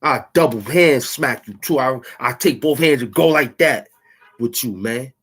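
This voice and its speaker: A man's voice: mid-range voice, measured pace, fairly bright tone, breathy edge. A man hosting his own channel, taunting and boasting in a rambling trash-talk rant. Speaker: channel host. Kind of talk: trash-talking rant at the camera.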